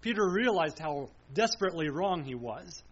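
Male preacher with a high voice, solemn and emphatic, full of repetition and rhetorical questions; muffled lo-fi sound. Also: animated, moderate pace. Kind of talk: sermon.

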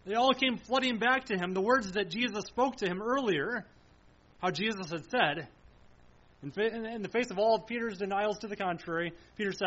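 Male preacher with a high voice, solemn and emphatic, full of repetition and rhetorical questions; muffled lo-fi sound. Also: brisk, fairly bright tone. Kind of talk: sermon.

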